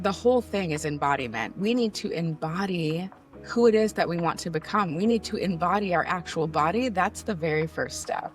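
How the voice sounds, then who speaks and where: A woman in her forties, a somatic coach, giving a candid, casual motivational pep talk that guides the listener through breathing and swears now and then. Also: on the low side. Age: 40s.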